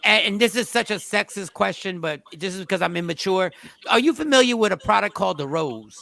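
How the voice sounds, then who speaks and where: A man hosting a podcast in casual group chat, joking, loud and teasing. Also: high voice, lively intonation, a little fast, gravelly, no echo. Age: adult. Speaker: podcast host.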